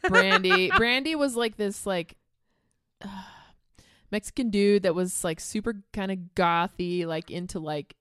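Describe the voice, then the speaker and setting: Bright, giggly woman chatting. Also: medium pitch, expressive, unhurried, clean tone, no echo, studio quality. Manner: giggly, chatty, acts out quoted voices. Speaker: podcast co-host. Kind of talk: casual chat.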